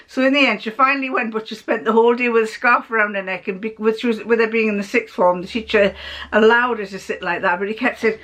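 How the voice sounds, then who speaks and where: A woman's voice: on the high side, steady tone, fast, fairly bright tone. An older woman chatting casually in a giggly, storytelling way as she vlogs from a car. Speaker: vlogger. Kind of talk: casual vlog chat.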